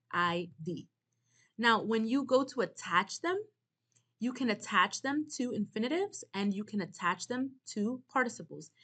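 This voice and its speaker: A woman's voice: mid-range voice, a bit bright. Female instructor, lecture style, patient step-by-step explanations to students. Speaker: Spanish teacher.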